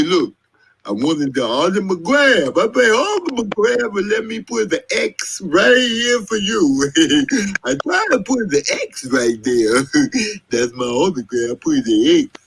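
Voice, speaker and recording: A giggly dim young jock. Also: male voice, sits high, very animated, gravelly, fairly bright tone, a little hiss or hum, heavily acted, rough recording. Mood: excited. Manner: giggles between phrases, slow loose drawl. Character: goofy giggling young male college basketball player. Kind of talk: TV drama scene.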